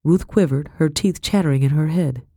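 A woman narrating a first-person historical novel as an audiobook, with expressive, steady storytelling on a close studio mic. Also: sits low, moderate pace, slightly rough, no echo.

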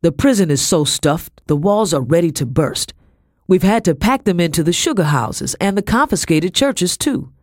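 A man's voice: high voice, animated, moderate pace, dry recording, clean studio sound, voice pushed up. A man doing a brusque, scornful British army officer. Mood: irritated.

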